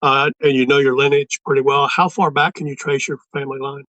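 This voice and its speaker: A man's voice: mid-range voice, little pitch movement, a little fast, bright, forceful tone, dry recording, highs cut off. A man hosting a casual interview, easygoing and a little hesitant as he reads out viewer questions. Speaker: interview host.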